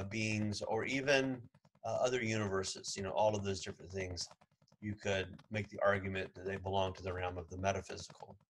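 A man's voice: on the low side, fairly bright tone, a little hiss or hum, poor audio. A man giving a casual classroom lecture as a psychology professor, chatty, with sarcastic asides and frequent fillers.

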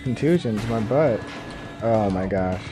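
Low-voiced man, lively gameplay commentary. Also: unhurried. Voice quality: excitable, swings between mutters and shouts. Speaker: gaming YouTuber. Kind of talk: casual let's play commentary. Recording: game music behind.

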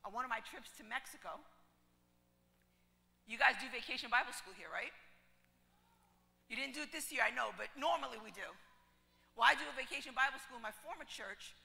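Woman pastor, sermon storyteller, higher pitched and very bright, reverberant church hall. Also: brisk, creaky, pauses often. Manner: animated storytelling, drops to hushed whispers for quoted lines.

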